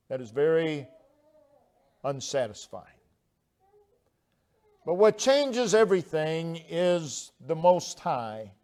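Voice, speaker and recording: Slow, measured male preacher. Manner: slow, measured preaching that builds up and then drops low. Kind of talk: sermon. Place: church sanctuary.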